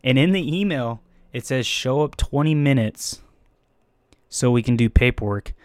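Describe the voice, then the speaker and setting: A man's voice: mid-range voice, lively intonation, normal speed, a little mellow, no room sound, clean studio sound. A young man from the Bay Area telling a story in a casual, rambling way, swearing often, laughing at himself and acting out his own panicked thoughts. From San Francisco Bay Area.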